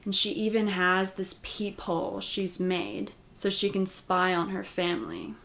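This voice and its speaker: Woman, casual TV recap commentary, chatty, filler words, mid pitch. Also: measured pace, creaky, a bit bright. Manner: chatty, full of "like" and "you know". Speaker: recap host.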